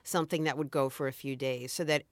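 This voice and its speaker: Brief: middle-aged woman guest, low voice, relaxed and thoughtful, dry close sound. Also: fast talker, no room sound. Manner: thoughtful, restarts often, easygoing. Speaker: podcast guest, food blogger. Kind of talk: casual chat.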